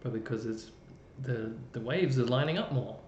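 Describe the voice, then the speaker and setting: A man's voice: moderate pace, darkish tone. Chatty Australian man explaining music. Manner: chatty, explains with fillers and restarts. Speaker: music presenter. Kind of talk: casual live-stream explainer. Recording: roomy dull live-stream audio with faint rumble.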